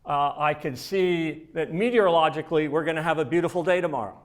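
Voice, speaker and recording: A man telling a joke on stage lends his voice to an eager sidekick trying hard to impress. The sidekick speaks in grand, pompous phrases with a self-satisfied air, in a voice a little high for a man. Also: quick pace, lightly acted. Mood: showing off. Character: eager, self-important male sidekick showing off.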